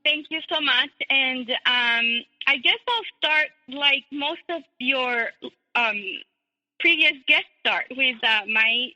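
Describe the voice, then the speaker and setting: Bright high-voiced woman, reverberant audio. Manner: measured, many ums and restarts. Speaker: interview guest. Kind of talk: personal storytelling.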